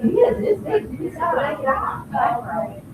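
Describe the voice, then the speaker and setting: A woman teaching a high school vocabulary lesson in a classroom, having students repeat each word. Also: animated, a little slow, a loud crowd, poor audio. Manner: drills pronunciation, asks class to repeat words.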